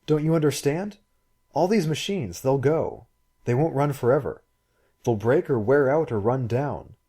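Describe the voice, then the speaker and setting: A man reading a story aloud and voicing a brisk, forthright young woman who speaks quickly and emphatically. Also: mid-range voice, expressive, mellow, husky, pitched above the performer's own voice. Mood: insistent. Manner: quick, emphatic and sometimes scornful.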